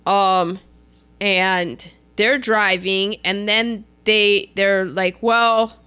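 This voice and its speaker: Recapping a movie on a podcast she co-hosts, this young woman talks very slowly in a medium-pitched voice that is clear and resonant. The conversation is casual and animated, full of laughter and acted-out lines from the characters.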